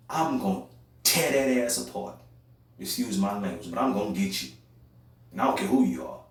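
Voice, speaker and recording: A young man speaking African American Vernacular English gives a heated, preachy monologue, repeating phrases and swinging between loud and quiet. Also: fairly low pitch. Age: young adult. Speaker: podcast host. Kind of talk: impassioned monologue. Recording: very echoey room, voice far from mic.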